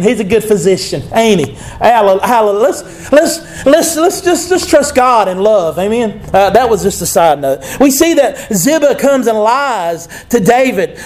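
Male preacher, high voice, conversational sermon, scripture reading.

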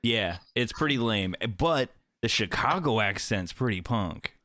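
A man's voice: lowish voice, expressive, unhurried, bright, forceful tone, no room sound, studio quality. A man in casual chat as co-host, bantering and joking at his own expense. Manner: joking, self-mocking banter with "dude". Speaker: podcast co-host.

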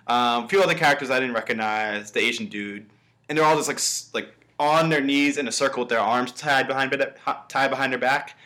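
A man's voice: mid-range voice, a little fast. A young man co-hosting a podcast, chatting casually and acting out the scenes he retells. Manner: animated storytelling, acts out quotes. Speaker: podcast co-host. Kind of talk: casual chat.

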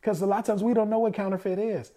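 Mellow-voiced man preaching conversationally. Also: sits high, steady tone, rapid-fire. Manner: asks rhetorical questions and answers them himself; acts out quoted voices. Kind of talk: conversational sermon.

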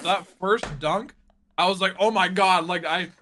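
A man's voice: sits high, moderate pace, pushed and bright, slight background noise. A young man chatting casually on a stream, rambling goofily and addressing his chat. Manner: talks straight to chat, rambling and goofy.

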